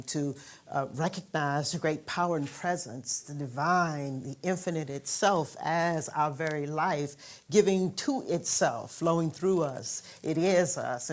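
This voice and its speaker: A woman minister leading a congregation in affirmations and an offering prayer, in a calm, measured manner. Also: low-pitched.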